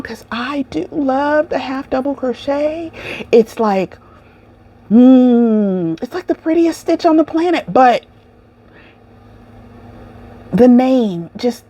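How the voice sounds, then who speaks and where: A woman's voice: high-pitched, a little mellow, muffled recording. A woman with a lilt hosting a crochet podcast, ranting and laughing in casual chat.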